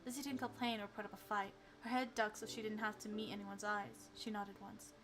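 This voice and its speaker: A woman's voice: medium pitch, flat delivery, fairly quick, few pauses. A young woman streamer reading a story game aloud, chatting animatedly and giggling between lines.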